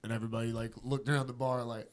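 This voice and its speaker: A man in his thirties hosts a podcast in casual chat. He swears freely and leaps into the voices of the people in his stories. His pitch sits in the middle. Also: racing. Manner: animated, swears a lot, acts out quotes. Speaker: podcast host.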